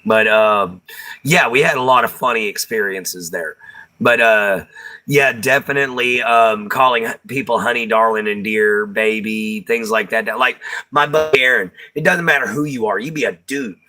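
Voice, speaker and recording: This is a fairly low-pitched man with a sharp tone and moderate pace, talking in a Texan accent. He hosts a livestream, reading viewer comments in casual chat, laughing often and using Southern slang.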